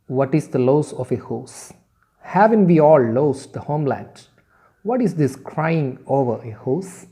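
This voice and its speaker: A man reading aloud the lines of an irritable, nostalgic immigrant uncle who shouts dismissively. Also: fairly high pitch, expressive, a little slow. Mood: irritated.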